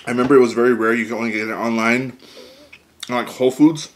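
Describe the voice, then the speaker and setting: A man hosting a mukbang, chatting excitedly to viewers while eating. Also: mid-range voice, fast. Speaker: mukbang host. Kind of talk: casual eating vlog.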